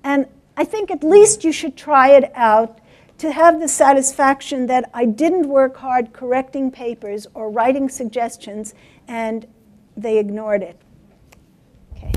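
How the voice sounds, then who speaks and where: A woman giving a workshop talk to teachers, animated and acting out stories. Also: sits high, measured pace. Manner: animated, acts out voices. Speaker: guest speaker for teachers.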